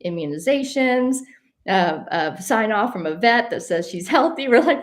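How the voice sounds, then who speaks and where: A woman telling a personal travel story in a casual, animated way. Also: fairly high pitch, normal speed. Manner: animated, addresses listeners as y'all. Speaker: host.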